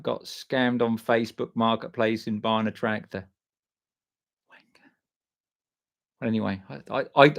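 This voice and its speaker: A man with a gravelly, rough-edged voice sitting at an ordinary middle pitch. He hosts a live stream in a loose, sweary, matey way, reading viewers' comments aloud and answering each one by name. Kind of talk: casual live chat.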